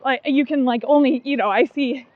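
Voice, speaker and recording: Giggly high-voiced woman chatting. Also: fairly quick, no room sound, narrow, tinny audio. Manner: chatty and giggly, many likes and ums. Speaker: podcast co-host. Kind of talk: casual chat.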